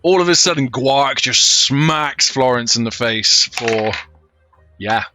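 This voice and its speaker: A man's voice: mid-range voice, bright, forceful tone. A man narrating a tabletop game as game master, rambling with fillers. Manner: rambling with fillers, quick laughs.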